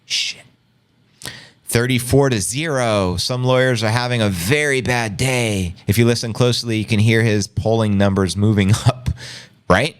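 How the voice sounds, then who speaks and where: A man's voice: on the low side, moderate pace, clean tone. A man hosting a crypto news show, giving exasperated, incredulous live reaction commentary in a rambling way.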